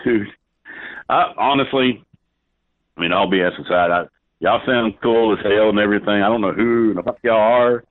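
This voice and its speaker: A drunk man answers a prank call and talks in a low, rambling voice full of curses. He comes through a thin, phone-like line that sounds flat and dry, with no room around it. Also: moderate pace, dry recording. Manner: rambling, swears constantly.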